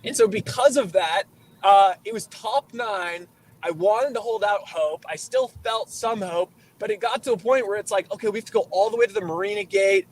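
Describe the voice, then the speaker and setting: A man co-hosting a casual post-game chat, telling an excitable story with laughs along the way. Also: high-pitched, moderate pace. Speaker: show co-host.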